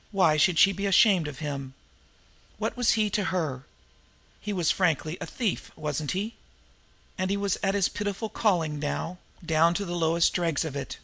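Gravelly, bright-voiced male narrator. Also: fairly high pitch. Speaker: audiobook narrator. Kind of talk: scripted narration.

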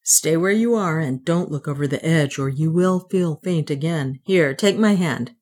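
A woman voicing a brisk, reassuring adventurer. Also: sits low, darkish tone.

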